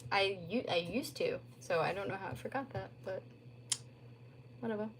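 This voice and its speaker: Streaming from home on her phone, a young woman rambles casually and leans heavily on "like" as filler. She speaks at medium pitch and normal speed, with a little hiss or hum in the audio.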